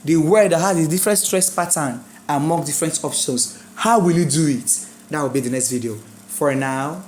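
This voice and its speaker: A teacher gives an exam-prep lesson, repeating words slowly and quizzing the listeners. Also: medium pitch, darkish tone, a little hiss or hum. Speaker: English teacher.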